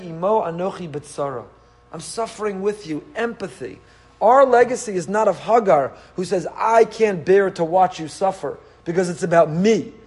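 High-voiced man giving a Torah class. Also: breathy edge. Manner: animated, rhetorical questions, mixes Hebrew and Yiddish terms. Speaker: rabbi teaching the weekly Torah portion.

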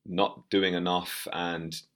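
A man with an extremely deep voice hosts a casual podcast chat. His delivery is flat and measured, and he guides the conversation along.

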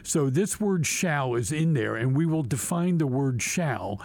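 Male legislator explaining policy, emphatic, mid-pitched, repeats points for weight. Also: lively intonation, measured pace, gravelly, few pauses, a little mellow, no room sound. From Pennsylvania. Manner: emphatic, repeats key words for stress. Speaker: state representative. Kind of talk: policy discussion.

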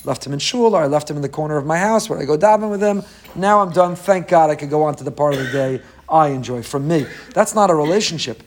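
A man gives a Torah class in a slightly raised, lively voice. He teaches with energy and often drops into quick acted voices for the people in his examples. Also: a little hiss or hum. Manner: animated, acts out quoted voices with rising pitch. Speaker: rabbi.

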